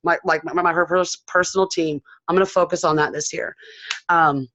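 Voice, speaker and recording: A woman's voice: on the low side, fairly even intonation, normal speed, fairly bright tone, no room sound. A woman from San Diego sharing a bubbly, rambling recap of a convention on a video call. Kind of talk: excited casual chat on a video call. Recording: dull, dry video call audio.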